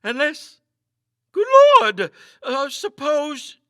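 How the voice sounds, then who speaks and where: A man's voice: normal speed, bright, forceful tone, no room sound, studio quality. A man reading a ghost story aloud, voicing a jittery young man who stammers in fear. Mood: frightened. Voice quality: high, stammering, panicky.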